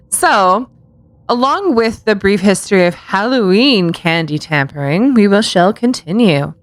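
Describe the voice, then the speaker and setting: A woman's voice: mid-range voice, dry recording. A woman co-hosting a casual podcast, telling true-crime stories with sarcastic asides and frequent giggles. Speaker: podcast co-host.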